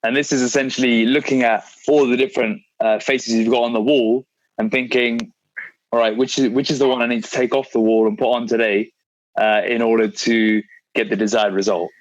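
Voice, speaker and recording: A man hosts a relaxed fitness chat and leads it along with questions. His voice is mid-pitched. The sound is dry and slightly muffled. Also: a little fast, dry recording. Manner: conversational, steering the talk with questions. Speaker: podcast host and fitness coach. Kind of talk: casual podcast chat.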